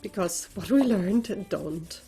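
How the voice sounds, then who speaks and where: Woman player, casual and slow, faint music. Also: medium pitch, expressive, warm tone. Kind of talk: casual chat at a tabletop game.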